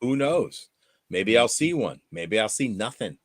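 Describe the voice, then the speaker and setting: A man's voice: lowish voice, a little slow, dry recording, studio quality. A man chatting as a guest on a livestream, joking and laughing often. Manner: jokey, laughs often, lively. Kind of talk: casual livestream chat.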